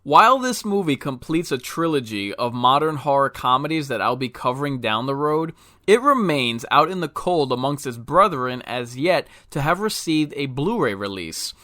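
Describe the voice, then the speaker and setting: A man's voice: mid-range voice, very animated, normal speed, bright, forceful tone, dry recording. A man reading a scripted film review with dry, wry humor.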